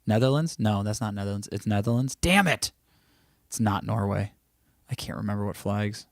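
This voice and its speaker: A man's voice: on the low side, steady tone, a little fast, mellow, no echo, studio quality. A man hosting a livestream, chatting loosely and reacting to viewers' comments, his throat a little scratchy. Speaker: livestream host. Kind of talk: casual chat reading live comments.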